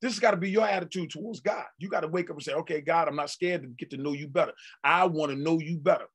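A male pastor delivering a sermon in folksy, conversational talk that breaks into shouted peaks and drawn-out emphasis. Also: a little high, slightly rough.

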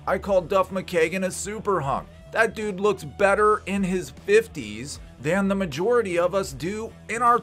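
Male vlog host, slightly high, animated, irreverent and profane, faint guitar bed underneath. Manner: jokey, irreverent, swears casually. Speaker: channel host. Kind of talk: casual rock-history vlog narration.

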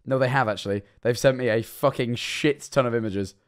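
A man's voice: mid-range voice, a little fast. A young man streaming live, reacting to viewer clips with rambling, incredulous commentary and frequent swearing.

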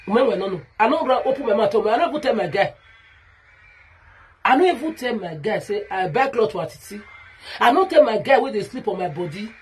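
A woman's voice: on the high side, darkish tone, slightly rough. A Nigerian woman ranting straight to camera in an aggrieved, repetitive way, calling out a rival directly. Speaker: vlogger. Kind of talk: direct-to-camera rant video.

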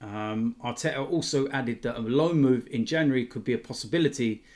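A man's voice: mid-range voice, brisk, darkish tone. A man hosting his football fan channel, giving a casual news roundup in a chatty way with frequent ums.

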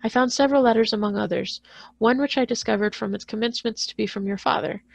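A woman voicing a kindly but stern older male magistrate who speaks calmly and formally in a storybook reading. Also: fairly high pitch, quick pace, gravelly, dry recording. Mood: concerned. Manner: calm, formal, reassuring speech.

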